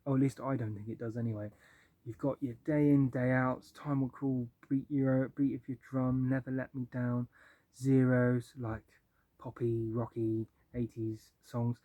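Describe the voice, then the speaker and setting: A man's voice: mid-range voice, level tone, measured pace, dry recording, narrow, tinny audio. Chatty young man ranking albums. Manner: chatty and enthusiastic, many ums and likes. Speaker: music vlogger. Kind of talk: casual album-ranking talk.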